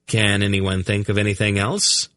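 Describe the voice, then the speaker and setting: A man voicing a brisk, impatient young king who gives orders and dry, sarcastic remarks. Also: on the low side, level tone, sharp tone, no echo. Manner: brisk, dryly sarcastic, commanding.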